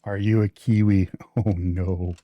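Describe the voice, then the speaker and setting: A man's voice: lowish voice, flat delivery, a little slow, no room sound, lo-fi sound. Chatty man streaming live, dry sound. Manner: chatty, teasing, thinks aloud while building. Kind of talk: casual live-stream chat.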